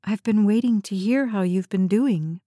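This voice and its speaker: Lady doing a shaky, trusting young woman, mellow and close. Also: mid-range voice, moderate pace, no echo, natural voice. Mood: hesitant. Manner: hesitant, trembling. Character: anxious, trusting young woman visiting her love.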